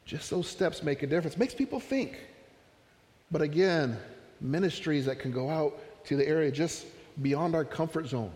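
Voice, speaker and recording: Man, pastor, relaxed storytelling sermon, slightly higher voice, reverberant church sound. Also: moderate pace. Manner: conversational, storytelling with asides and humor.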